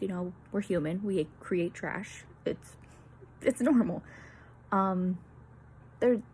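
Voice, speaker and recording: A woman's voice: fairly low pitch, a little mellow, a little hiss or hum. A young woman giving a student presentation, nervous and a little out of breath, with lots of fillers and apologies. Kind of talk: peer-teaching presentation.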